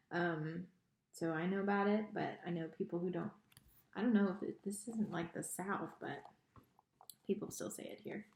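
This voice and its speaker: A woman's voice: mid-range voice, darkish tone. A woman reading a children's novel aloud, breaking off for chatty, giggly asides, recorded in an echoey room. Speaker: book reader.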